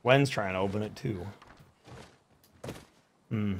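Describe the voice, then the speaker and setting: A man's voice: fairly low pitch, takes it slowly, noisy background. A young man hosting a let's-play, chatting casually in a joking, bemused way with some swearing. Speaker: host playing a video game.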